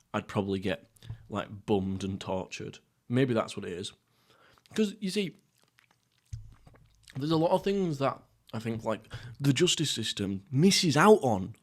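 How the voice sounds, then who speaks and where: A young man from England hosting a casual solo podcast while eating, rambling through jokey, crude, deadpan stories. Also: medium pitch. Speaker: podcast host. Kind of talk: casual solo mukbang chat.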